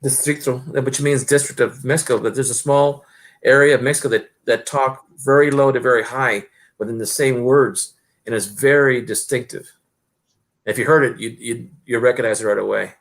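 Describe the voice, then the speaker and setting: A man's voice: medium pitch, fairly even intonation, moderate pace. A middle-aged man hosting a stream, chatting casually and rambling with lots of fillers and restarts. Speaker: stream host. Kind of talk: casual chat.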